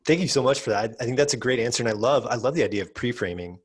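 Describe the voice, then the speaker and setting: A man's voice: mid-range voice, animated, racing, slightly rough. A man hosting a podcast interview, responding appreciatively and thinking aloud. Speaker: podcast host.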